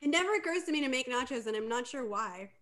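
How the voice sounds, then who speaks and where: A woman with a high, bright voice on a casual cooking livestream. She muses aloud in a playful way and tosses out what-if ideas. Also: expressive, fast. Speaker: co-host. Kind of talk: casual chat on a cooking stream.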